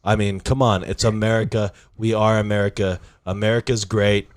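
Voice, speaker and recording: A man's voice: on the low side, little pitch movement, moderate pace, lightly acted. A man doing a boastful president impression. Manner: boastful, repetitive superlatives. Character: blustering male president impression, boastful and repetitive.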